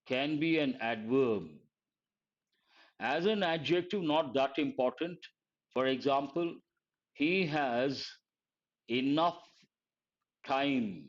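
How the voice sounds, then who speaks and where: Male teacher, higher voice, drills grammar with questions, dull lo-fi stream sound. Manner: quizzing students, repeating key phrases slowly. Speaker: English vocabulary teacher. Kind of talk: live online grammar lesson.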